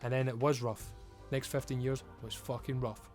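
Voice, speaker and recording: A man's voice: medium pitch, little pitch movement, normal speed, a little mellow, soft background music. A man giving an emphatic, frustrated rant as a video creator, swearing often. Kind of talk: ranting commentary.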